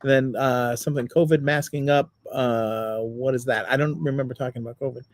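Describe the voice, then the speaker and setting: A man's voice: mid-range voice, steady tone, brisk, no echo, clean studio sound. A man co-hosting a podcast in casual chat, easygoing and hesitant, with many fillers. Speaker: podcast co-host. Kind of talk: casual chat, reading comments.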